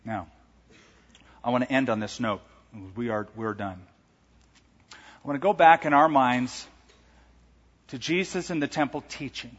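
Male preacher, mid-pitched, emphatic sermon delivery with quiet-to-loud swings; long hall reverb, dull sound. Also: unhurried, long pauses, slightly rough. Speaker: pastor.

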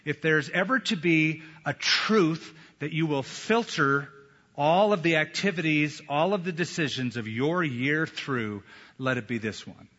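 A man preaching a sermon as a pastor, emphatic, with slow deliberate pauses. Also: fairly high pitch, fairly bright tone. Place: church sanctuary. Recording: echoey hall, dull lo-fi sound.

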